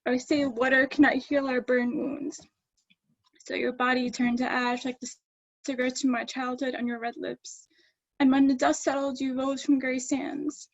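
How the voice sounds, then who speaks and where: A woman's voice: high voice, flat delivery. Woman poet reading, muffled lo-fi audio. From Staten Island, New York. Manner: halting between poems, many fillers. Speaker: poet reading her work. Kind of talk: live online poetry reading. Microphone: video call.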